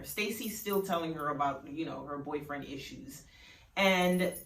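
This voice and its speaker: A woman's voice: low voice, fairly bright tone. A woman casually narrating her own story in a chatty, rambling way. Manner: chatty, filler-heavy. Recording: roomy, distant mic.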